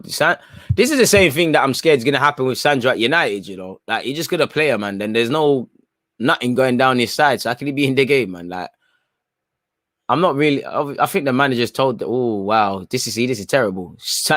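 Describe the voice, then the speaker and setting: A watchalong host with a medium-pitched, slightly bright voice comments animatedly and fairly quickly on a live football match, casual and full of strong opinions, peppering phrases with "man." He reads viewers' chat aloud and reacts, recorded in studio quality with no echo.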